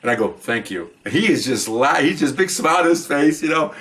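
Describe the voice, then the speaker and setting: A man's voice: a little high, animated, brisk, fairly bright tone, recorded from a distance. A man, a former police officer, telling a story from his career in a casual first-person way, acting out the dialogue and swearing offhand. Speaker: retired police officer telling stories on a podcast.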